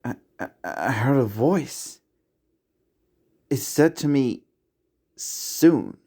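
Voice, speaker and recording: A man's voice: medium pitch, expressive, extremely slow, mellow, heavily acted. A man voicing a timid, inexperienced young male macaw who stammers and hesitates. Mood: uneasy.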